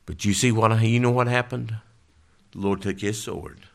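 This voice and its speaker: A male pastor preaching a sermon, emphatic, swinging from loud declarations to low, quiet lines. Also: steady tone, normal speed, creaky.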